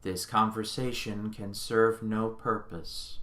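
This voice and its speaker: A man voicing a calm, polite male ship computer with a soft, low, deadpan monotone that turns coldly menacing. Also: slow.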